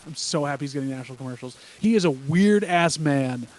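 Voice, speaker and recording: A man's voice: on the high side, expressive, fairly quick, crowd noise. A man co-hosting a podcast, chatting casually and joking wryly while reacting live to a broadcast. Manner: wry, joking, tells anecdotes. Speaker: podcast co-host.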